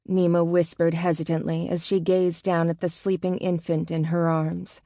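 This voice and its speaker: A woman audiobook narrator reading in a calm, measured scripted narration. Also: low voice, dry recording, studio quality.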